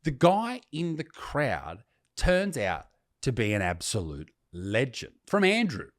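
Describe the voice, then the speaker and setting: A man's voice: mid-range voice, wildly swooping pitch, takes it slowly. A man, a comedian ranting sarcastically and with heavy swearing while reading comments aloud. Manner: sarcastic, profane, mocking. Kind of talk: reacting to comments, casual rant.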